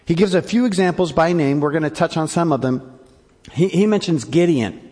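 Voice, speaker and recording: A man pastor delivering an animated sermon and joking with his congregation. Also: fairly high pitch, brisk, in a large hall.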